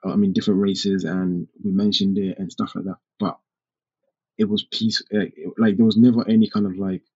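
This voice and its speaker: A man with a somewhat low, husky voice talks earnestly as a podcast co-host, working through his thoughts with small restarts. The sound is a little dull and lo-fi. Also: flat delivery, moderate pace, dark tone. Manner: earnest, thinking aloud with restarts. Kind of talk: casual discussion. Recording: slightly dull lo-fi recording.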